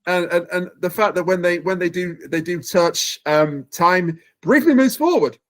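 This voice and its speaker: A man's voice: high-pitched, moderate pace, a bit bright. A man hosting a podcast, eagerly recapping a plot in casual chat. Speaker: podcast host.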